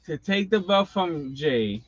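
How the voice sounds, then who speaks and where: A middle-aged man with a somewhat high voice runs a casual live-stream rant, swearing freely and tossing in slangy asides. The sound is dull and lo-fi, very dry with no room around it. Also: expressive, slow pace, no echo. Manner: profane, exasperated ranting with slangy asides. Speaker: wrestling channel host.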